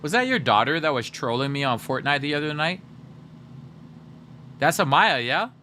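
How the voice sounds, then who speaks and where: A young man hosting a livestream, chatting casually and teasing his viewers in a joking, animated way. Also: fairly high pitch, normal speed, a little hiss or hum. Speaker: livestream host.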